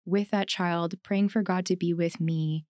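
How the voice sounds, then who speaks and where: A woman's voice: lowish voice, fairly even intonation, a little slow, a little mellow, no room sound, studio quality. A woman from Canada co-hosting a podcast, telling a story in a casual, reflective way, with lots of "like" and frequent laughter. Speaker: podcast co-host.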